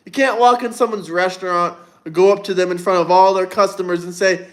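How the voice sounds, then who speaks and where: A man's voice: sits high, steady tone, a little fast, hardly any pauses. A young man hosting a casual livestream, reading viewer comments and answering them bluntly, with plenty of swearing and rambling. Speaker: livestream host.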